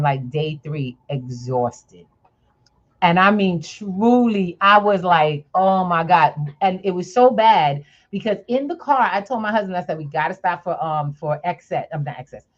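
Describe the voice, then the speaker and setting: A woman hosting a podcast, telling a story in a lively, chatty way and laughing often. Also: lowish voice, highs cut off. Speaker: podcast host. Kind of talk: casual chat, storytelling.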